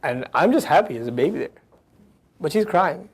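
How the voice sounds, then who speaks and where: A man teaching scripture, reciting Arabic verses quickly and explaining each in casual English. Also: fairly high pitch, animated, breathy edge. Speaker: Quran teacher.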